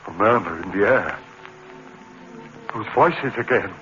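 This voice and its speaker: An actor playing a haunted male professor, narrating his ordeal in a low, hushed voice in a 1950s broadcast drama. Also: animated, a little slow, faint music behind. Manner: low, hushed, brooding first-person narration. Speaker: university lecturer. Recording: muffled old broadcast recording, faint hiss.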